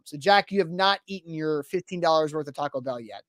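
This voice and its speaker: A man's voice: on the high side, expressive, brisk, hardly any pauses, a bit bright, no echo, studio quality. A man hosting a live sports podcast, chatting casually and reading sponsor spots. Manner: chatty, reads sponsor ads. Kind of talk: casual live-stream chat.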